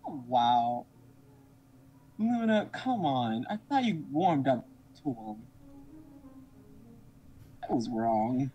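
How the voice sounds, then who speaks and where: A woman co-hosting a reaction video, reacting with excited exclamations and gasps. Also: a bass voice, extremely slow, long pauses, low-quality recording. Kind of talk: casual reaction commentary.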